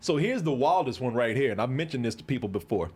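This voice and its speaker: A man's voice: mid-range voice, fast, breathy edge. A middle-aged man from Texas, the host, telling stories in casual chat and acting out the voices of the people in them. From Waco, Texas. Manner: animated, acts out voices in his stories, laughs often.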